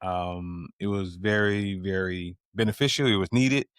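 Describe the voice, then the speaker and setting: A middle-aged man co-hosting a podcast, telling stories in a relaxed, slangy, animated way. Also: sits low, a little slow, clear, resonant tone, no echo, clean studio sound. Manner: laid-back, animated storytelling with slang. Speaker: podcast co-host. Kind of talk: casual chat.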